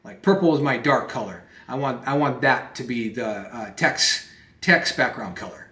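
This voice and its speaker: A man walks a viewer through a software task in a relaxed, conversational way, often restarting phrases and checking in with quick questions. His voice sits at an ordinary, middle pitch. The recording carries a noticeable echo from the room. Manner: conversational, repeats and restarts phrases, lots of "okay?" and "right?" checks. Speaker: presentation software instructor. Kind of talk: casual screen-recorded tutorial. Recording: echoey room sound.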